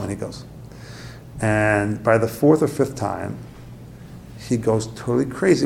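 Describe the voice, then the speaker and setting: Gravelly man teaching a Torah class. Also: moderate pace, a little mellow, slight background noise. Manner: storytelling, acts out quotes with sudden high outbursts. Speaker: rabbi giving a class.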